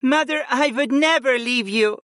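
A man voicing a young warrior princess, pitched high and emotional as she speaks with her family. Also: unhurried, sharp tone, no room sound, full character voice. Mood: earnest.

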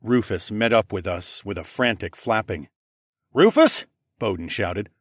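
A man's voice: lowish voice, moderate pace, no room sound. Give me a man narrating a fantasy novel dramatically, with a dry, close sound. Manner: animated, dramatic reading. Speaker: audiobook narrator. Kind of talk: scripted narration.

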